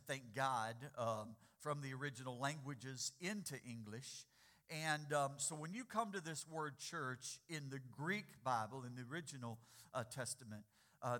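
A man preaching a sermon as pastor, getting the congregation to answer back and repeating key words. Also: medium pitch. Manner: quiet and slow in prayer, louder and rising when exhorting.

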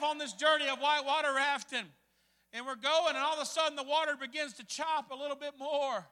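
High-voiced animated man preaching. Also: fast talker, big-room sound. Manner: animated, acts out voices in his story. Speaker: pastor. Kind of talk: storytelling sermon. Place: church hall.

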